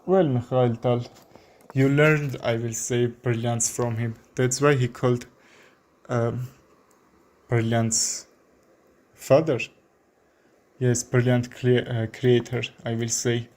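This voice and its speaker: Medium in pitch and a little mellow, the voice of this Armenian chess streamer comes across flat. He comments live in halting, accented English with frequent fillers.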